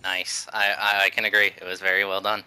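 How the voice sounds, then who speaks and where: Bright, smooth-voiced man hosting. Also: low voice, completely flat delivery, a little fast, no echo, poor audio. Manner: laid-back, laughs, many fillers. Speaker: podcast host, interviewer. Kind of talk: casual interview chat.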